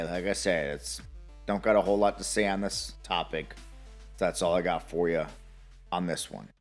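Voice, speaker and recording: A man's voice: low-pitched, moderate pace, soft background music. Heated, cursing gaming vlogger man. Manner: heated, sarcastic, profane. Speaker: gaming commentator. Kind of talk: opinion rant to camera.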